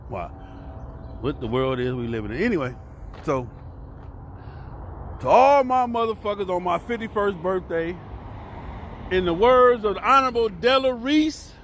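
A fifty-one-year-old man with a Southern US accent ranting casually to camera from a cheap hotel room, loud and profane, swinging between shouting and mumbling. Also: high voice, slight background noise. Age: 50s. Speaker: vlogger and podcast host. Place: cheap hotel room near train tracks.

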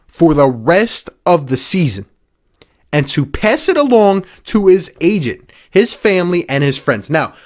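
Fairly high-pitched and very animated, this man from around Philadelphia speaks unhurriedly as he hosts a sports podcast. The segment is an angry rant full of sarcastic exasperation and repeated points.

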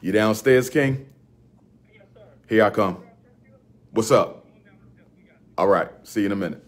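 A man's voice: fairly low pitch, unhurried. A man from Philadelphia making an emphatic, rallying announcement to promote his own events, repeating phrases like a chant.

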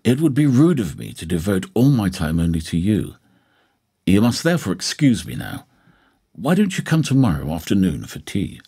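A man's voice: low-pitched, huge pitch swings, moderate pace, warm tone, breathy edge, heavily acted. A man voicing a charming, flirtatious woman of about forty, speaking in a coquettish, gracious manner in an audiobook.

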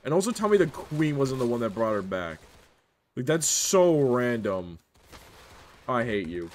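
A man's voice: medium pitch, measured pace. A young man streaming a game live, chatting casually and joking as he reads his chat aloud. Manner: animated, jokey, reads chat aloud, often laughs.

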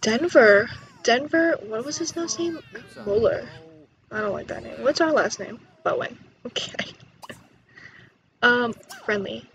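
A young woman chatting excitedly while playing a life-sim game, quick to gasp and exclaim. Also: fairly high pitch, muffled recording, a little hiss or hum. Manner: excitable, chatty, gasps and laughs. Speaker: gaming YouTuber. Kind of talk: let's play commentary.

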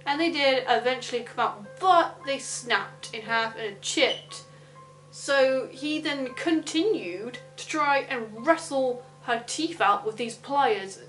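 A woman's voice: sits high, expressive, slow, fairly bright tone, faint music behind, rough recording. Indignant London woman telling true crime. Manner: blunt, indignant asides. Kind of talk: casual true crime storytelling.

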